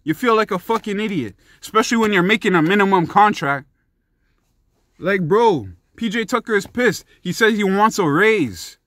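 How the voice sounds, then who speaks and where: A young man rants about sports in a heated, swearing vlog voice. His voice sits high and sounds bright and forceful. The recording is dry and close. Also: expressive, normal speed, dry recording. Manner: profane, heated and emphatic. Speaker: sports commentary vlogger. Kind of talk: ranting sports commentary.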